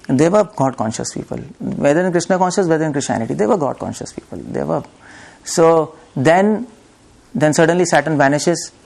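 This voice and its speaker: A man's voice: fairly high pitch, gravelly, a little mellow. A man giving a devotional sermon, telling a story and acting out its voices with laughs between points. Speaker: preacher. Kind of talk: devotional discourse. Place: lecture hall.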